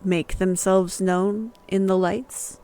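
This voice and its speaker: A game master calmly narrating scenes in a tabletop game, with some fillers. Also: mid-range voice, slow pace, faint music behind. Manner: calm descriptive narration with fillers.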